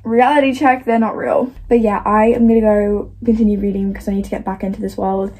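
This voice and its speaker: A young woman vlogs about her reading in a medium-pitched, darkish, slightly rough voice, speaking fast with a level tone. She talks casually and gushes emotionally, at times close to tears.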